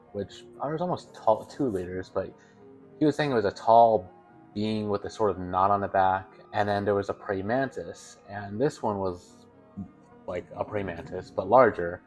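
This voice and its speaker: Rambling young man, lower voice. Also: a little mellow. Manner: rambling, stammering, self-correcting. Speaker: video host. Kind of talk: casual storytelling commentary.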